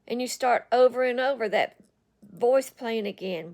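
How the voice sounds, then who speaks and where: A woman's voice: on the high side, a little slow, a little mellow. Earnest woman talking straight to you. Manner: earnest, repetitive, speaks straight to the listener. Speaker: online speaker on addiction recovery. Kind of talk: earnest direct-to-camera talk.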